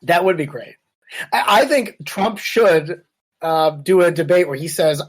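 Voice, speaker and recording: A man's voice: on the high side, animated, measured pace. A man co-hosting a podcast, chatting casually and sarcastically about politics over a webcam. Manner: riffing, sarcastic, puts on quoted voices. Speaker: podcast co-host.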